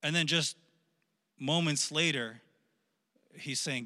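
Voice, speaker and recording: A man in his thirties gives a youth sermon in a large hall, his voice very bright and a little high. He talks casually, stumbling over repeated words and pressing hard on the key lines. A long reverb trails each phrase. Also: normal speed, long pauses. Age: 30s. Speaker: youth pastor.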